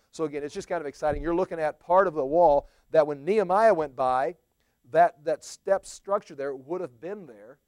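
A man leads a Bible study, talking through the text in a relaxed, chatty way and tossing playful asides to his listeners. His voice sits a little high and comes across smooth and clear. The sound is dry, with no room echo. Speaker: Bible teacher. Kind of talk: conversational Bible study teaching.

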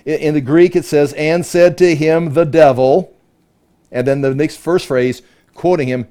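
A man with a slightly raised, mellow voice teaches a Bible study in an explanatory way. He leans hard on key phrases, and he pauses now and then to find his place in his notes. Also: fairly high pitch. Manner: explanatory, emphatic, stops to check his notes.

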